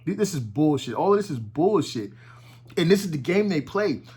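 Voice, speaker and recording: A man talks through a casual commentary from his home, his voice a touch higher than most. He is animated and profane, and often stumbles and restarts his sentences as he goes. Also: normal speed, breathy edge. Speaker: commentary vlogger. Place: at home with his dog nearby.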